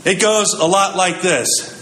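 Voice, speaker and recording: A man's voice: sits high, fairly even intonation, unhurried, a bit bright, echoey room, a little hiss or hum, poor audio. A man giving a sermon in a conversational, storytelling way, acting out the quotes he tells. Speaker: preacher.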